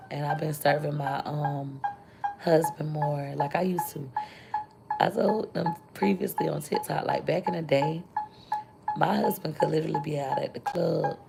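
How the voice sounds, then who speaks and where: A woman chats candidly with her livestream viewers in a deep, heavily gravelly voice. She rambles from thought to thought and stops to thank them. Loud music plays behind her. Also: steady tone, unhurried. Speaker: content creator and mother. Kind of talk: casual livestream chat with viewers.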